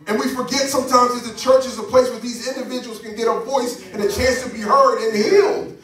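A man's voice: very high-pitched, steady tone, fairly quick, fairly bright tone. A man preaching a sermon as pastor, fervent and rhythmic, drawing call-and-response from the congregation. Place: church sanctuary. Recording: echoey church sound from a distance.

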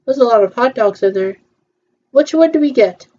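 Woman, casual park-tour chatter, halting with ums, playful, slightly high voice. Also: expressive, mellow, highs cut off. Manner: hesitant, frequent ums, playful back-and-forth. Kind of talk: casual virtual theme-park tour chat.

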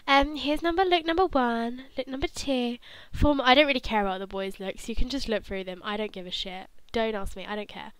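A woman's voice: on the high side, fairly quick, smooth, dry recording, poor audio. A young woman commentating on a life-sim game in a sarcastic, playful, mock-blunt way. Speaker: gaming channel host.

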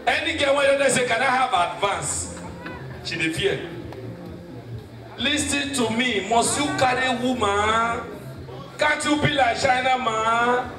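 A man with a Nigerian accent doing stand-up comedy, telling stories with animated delivery and shouting his punchlines to the crowd. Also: very high voice, unhurried, long pauses, noisy background. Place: comedy stage before a live audience. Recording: echoey stage from far off with crowd.

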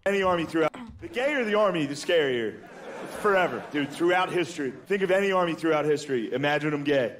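A man's voice: a little high, expressive, quick pace, over music. A man doing a stand-up comedy set on a club stage, brash and profane, often laughing at his own jokes. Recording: loud hiss, live crowd audience.

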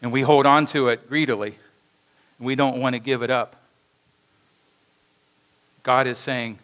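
Man preaching with animated storytelling. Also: medium pitch, a little slow, pauses often, poor audio. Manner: animated storytelling with acted quotes. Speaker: pastor. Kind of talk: sermon. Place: church.

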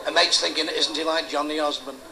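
A man's voice: a little high, fairly even intonation, a little fast, creaky. A male stand-up comedian telling crude jokes and heckling the audience in a club. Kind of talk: blue club stand-up routine. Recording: noisy live club recording.

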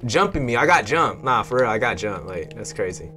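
A young man giving casual, joking gameplay commentary to his viewers. He swears freely and bursts into excited yelps. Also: lowish voice, fairly quick, hardly any pauses, soft background music. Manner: chatty, talks straight to viewers. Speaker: gaming YouTuber.

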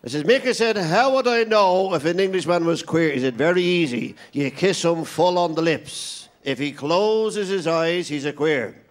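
Irish male stand-up comic with a rambling joke-telling manner and a voice a touch on the high side. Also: expressive, normal speed, few pauses. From Ireland. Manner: rambling joke teller, playing all the characters himself. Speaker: stand-up comedian.

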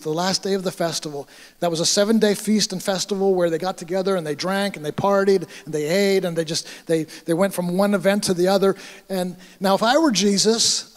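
A man's voice: sits high, long reverb tail. A man with an American accent, a pastor delivering a sermon and telling a story with acted-out dialogue. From United States. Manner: storytelling, acting out dialogue, animated. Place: church hall.

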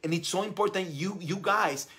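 Male live-stream host, young adult, slightly high voice, gushing and upbeat with lots of repeated words. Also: normal speed, gravelly, sharp tone. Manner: enthusiastic, effusive, repeats words. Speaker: live stream host reading viewer comments. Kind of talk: casual live stream talk.

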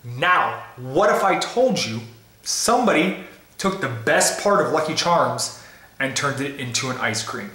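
A man's voice: medium pitch, animated, measured pace, sharp tone. A man giving an upbeat, playful food review in a casual vlog, tasting as he talks. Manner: tasting ice cream while talking. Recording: roomy echo.

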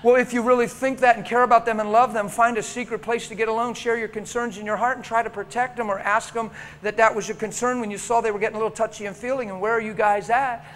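A man preaching a sermon, telling stories with passion and swinging from hushed to loud. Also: extremely high pitch, level tone, fast, hardly any pauses, big-room sound. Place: church hall.

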